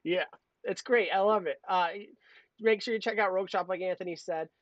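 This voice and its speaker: A man's voice: high-pitched, a little fast, no room sound. A man co-hosting a livestream, casual chat that rambles with crude jokes. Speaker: co-host. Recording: dull lo-fi stream audio.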